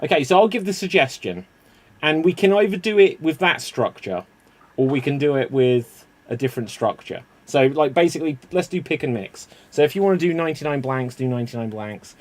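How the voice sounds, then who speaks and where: A man's voice: a little high, lively intonation, fairly quick. A man hosting improv comedy games, chatty and laughing often. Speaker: improv game host.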